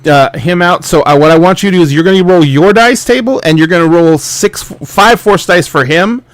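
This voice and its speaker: A male game master narrating a tabletop horror game, his voice a touch higher than most men's. He rambles through the scene with restarts and fillers. The sound is close and dry, with no room to it. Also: fairly quick, no room sound.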